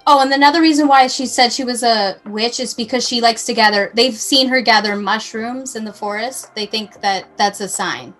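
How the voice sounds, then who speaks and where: A woman's voice: on the high side, normal speed, few pauses, a bit bright. A woman casually telling a true crime story to her co-host, in a chatty, rambling way that often interrupts itself.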